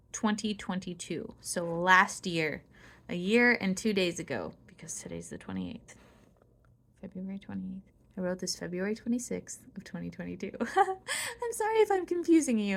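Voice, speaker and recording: A woman reading aloud her own spiritual writing in a soft, musing way. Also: mid-range voice, vocal fry. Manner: soft-spoken, musing, laughs at herself. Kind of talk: reflective spiritual monologue.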